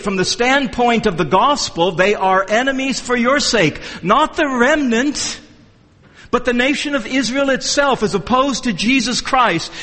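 A man's voice: high voice, a bit bright, big-room sound. A man preaching an expository sermon, emphatic and repetitive, often restarting his sentences mid-thought. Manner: emphatic, repeats phrases for stress. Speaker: pastor.

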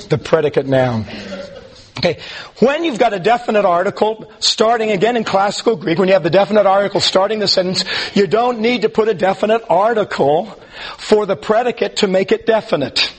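A man with a slightly high, husky voice teaches a Bible class. He rambles in a chatty, informal way, stopping for ums and restarting his sentences. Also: lively intonation, normal speed.

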